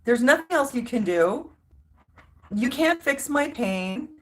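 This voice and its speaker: A woman's voice: high voice, expressive, slow pace. A woman vlogger telling a story in a casual, emphatic rant, exasperated and full of restarts.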